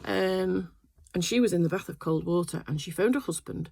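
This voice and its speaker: A woman's voice: fairly low pitch, normal speed, vocal fry, dark tone, no echo. An older woman chatting casually in her sewing room, telling a rambling family story full of fillers. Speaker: quilting vlogger. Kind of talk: casual chat.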